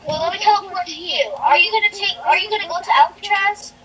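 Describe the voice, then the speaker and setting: A young woman hosting a casual gaming session with a friend, excitable and giggly, often pleading to be waited for. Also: very high voice, fast talker. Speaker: gameplay host. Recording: distant mic with faint noise.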